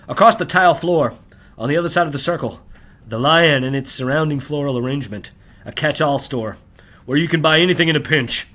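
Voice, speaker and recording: A man reads aloud from his own novel, told in the first person, in a measured, descriptive way that slows down on key phrases. His voice is slightly high with a sharp edge.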